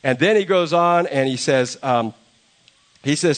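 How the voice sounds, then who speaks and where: A man pastor giving a conversational sermon, retelling a story with animated asides and jokes. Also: a little high, a little slow.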